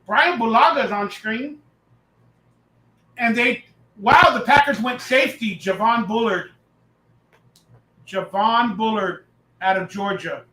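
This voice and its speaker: Excitable high-voiced male stream host. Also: slow pace, long pauses, echoey room, low-quality recording. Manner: loud, excitable, reads chat aloud. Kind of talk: casual live reaction chat.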